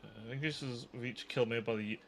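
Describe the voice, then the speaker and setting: A man's voice: medium pitch, steady tone, moderate pace, creaky, slight background noise. A British man live-streaming a strategy game, chatting and thinking aloud, often cutting himself off mid-thought. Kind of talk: live gameplay commentary.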